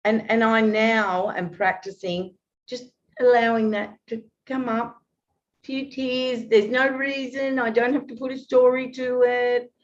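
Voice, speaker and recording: A woman's voice: fairly high pitch, fairly even intonation, measured pace. A woman in her fifties, a guest talking earnestly and at length, with many restarts. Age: 50s. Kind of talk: open, heartfelt conversation. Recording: dull lo-fi audio.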